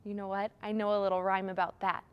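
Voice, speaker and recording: A woman's voice: medium pitch, level tone, fast talker, clear, resonant tone, highs cut off. A young adult woman, a children's librarian, leading a storytime with rhymes, gasps and animal noises for small children.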